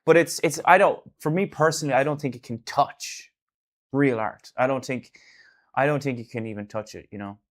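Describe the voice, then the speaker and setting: A man's voice: medium pitch, moderate pace. Irish man rambling on a live stream. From Ireland. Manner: rambling and loose, sudden loud bursts, casual swearing. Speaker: artist hosting a live stream. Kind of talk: casual live-stream chat.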